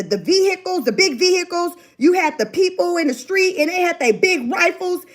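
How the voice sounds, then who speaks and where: A woman, talking straight to her viewers. She tells her story in an animated, chatty way and laughs often. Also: high-pitched. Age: 40s. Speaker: vlogger. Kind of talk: casual livestream storytelling.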